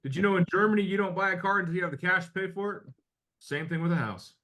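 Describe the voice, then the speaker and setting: A man's voice: a little high, pushed and bright. A middle-aged man from the United States coaching real estate agents in a blunt, conversational way, with some mild swearing. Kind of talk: motivational talk to agents.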